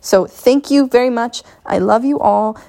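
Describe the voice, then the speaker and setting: Woman, podcast host, a bit high-pitched, blunt, sweary pep-talk monologue. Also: a little slow, vocal fry, mellow. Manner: blunt, profane, motivational. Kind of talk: casual solo podcast monologue. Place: home in Maine.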